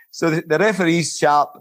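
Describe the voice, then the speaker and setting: A Scottish man in his fifties spins rambling tales on a podcast and swears without pause. His voice sits a little high for a man. He restarts sentences and keeps the energy up. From Scotland. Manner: swears freely, lively rambling storyteller with restarts. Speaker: guest, former footballer. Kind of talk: casual anecdotal storytelling.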